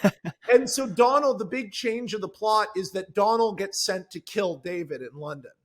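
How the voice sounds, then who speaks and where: A screenwriter talking on a podcast, telling a story with lively enthusiasm and frequent restarts. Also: male voice, high-pitched, normal speed. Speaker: screenwriter guest. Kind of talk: podcast conversation.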